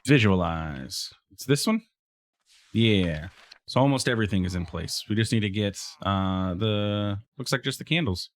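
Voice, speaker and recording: A man with a fairly low, animated voice takes his time narrating his own gameplay as a let's play host. He's chatty, speaks to the creatures on screen, and frequently trails off or starts over with fillers.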